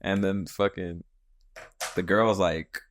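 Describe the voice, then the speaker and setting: A young man hosting a podcast, telling a story in casual chat, animated and swearing, acting out what people said. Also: deep voice, slow. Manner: animated, swearing, acts out quotes. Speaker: podcast host.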